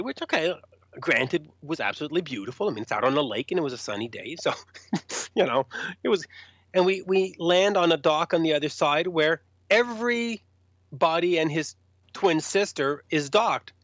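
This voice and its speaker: Animated man telling wild road stories. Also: on the high side, no room sound. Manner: animated, acts out others in raised voices. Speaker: rock journalist guest. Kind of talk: casual storytelling. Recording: dull lo-fi dry sound.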